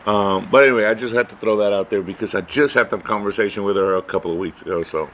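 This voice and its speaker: Rambling low-voiced man telling a story. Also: fast, fairly bright tone. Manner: rambling, many "right?" asides. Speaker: podcast co-host. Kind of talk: casual storytelling chat. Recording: faint background noise.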